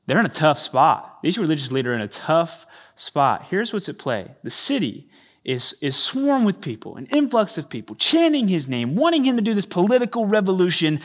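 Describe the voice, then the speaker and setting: Animated preacher, slightly high voice. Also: male voice, moderate pace. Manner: animated, acts out quoted voices. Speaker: pastor. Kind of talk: sermon. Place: church stage. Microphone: handheld or stage microphone.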